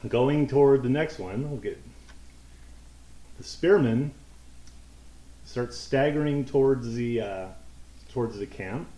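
A man narrating as game master for a tabletop game, in a chatty, halting way with fillers and restarts. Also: medium pitch, warm tone. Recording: roomy room.

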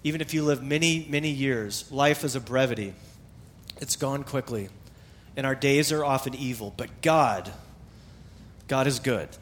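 A middle-aged male pastor preaching a sermon in a conversational, animated way, with emphatic repetition. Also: medium pitch, moderate pace, pauses often, slight background noise.

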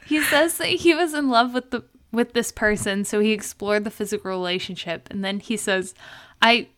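A young woman co-hosting a podcast animatedly recaps a show scene by scene in a casual chat, breaking into quoted lines between laughs. Her voice is mid-range and a little slow, with long pauses.

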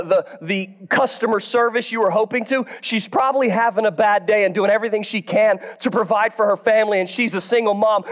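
Male pastor, high voice, animated church sermon with big shouted swells. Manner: animated preaching, swings from low and soft to loud, drawn-out shouts. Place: church sanctuary.

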